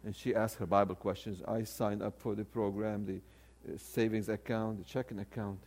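A man in his sixties, a theology professor, telling a story in a sermon with animated delivery and frequent restarts. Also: fairly low pitch, normal speed. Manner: animated, with many restarts and repeated words.

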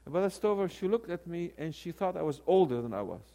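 A man in his sixties, a theology professor, telling a story in a sermon with animated delivery and frequent restarts. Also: on the high side, quick pace, a little hiss or hum. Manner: animated, with many restarts and repeated words.

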